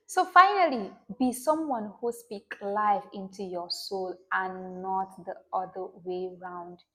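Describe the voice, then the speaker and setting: Encouraging woman reciting gentle affirmations. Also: mid-range voice. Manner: warm, encouraging, slow affirmations. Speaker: self-help video host. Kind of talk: motivational talk to camera.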